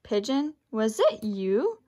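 Storybook girl, read by a woman: unhurried, questioning, fairly high voice. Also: big pitch swings, dark tone, full character voice. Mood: puzzled.

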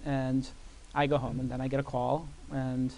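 A man in his forties on a conference stage, telling an animated story and acting out other people's voices. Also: mid-range voice, moderate pace, creaky. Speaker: guest entrepreneur. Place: conference stage before an audience.

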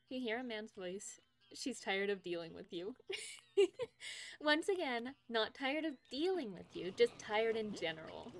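This young woman streamer has a voice on the high side and speaks in a very animated but unhurried way. Chatty and quick to laugh, she reads out chat while talking casually with viewers over faint game music.

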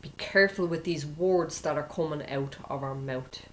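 A woman with a low voice preaches in a loose, conversational way, leaning on "you know" and checking in with "okay?". She slips into little acted prayers to make her points. A faint hum of room noise sits behind her. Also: moderate pace, poor audio. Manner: informal, peppered with "you know" and "okay?", acting out quoted prayers. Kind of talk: conversational sermon.

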